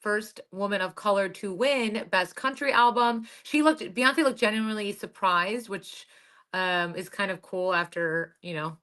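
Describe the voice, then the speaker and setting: Bright-voiced chatty woman co-host. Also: medium pitch, unhurried. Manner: chatty, lots of fillers and restarts. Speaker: podcast co-host. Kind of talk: casual chat.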